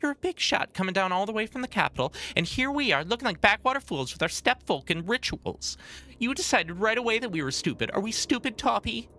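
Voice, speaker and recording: A woman's voice: mid-range voice, sing-song, fairly quick, sharp tone. A woman voicing a stubborn, defensive village mother in a game, reading her dialogue aloud in an indignant, self-justifying way.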